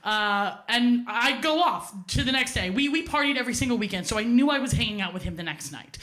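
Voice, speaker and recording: A woman with a high voice tells a personal story live from a theater stage. She is animated, swears freely and laughs at her own mishaps. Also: fairly quick.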